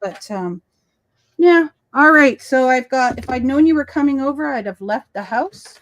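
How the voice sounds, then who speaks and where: A woman's voice: high-pitched, animated, moderate pace, a bit bright, rough recording. A woman hosting a casual crafting livestream, chatting and telling stories while she works. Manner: chatty, storytelling. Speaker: host.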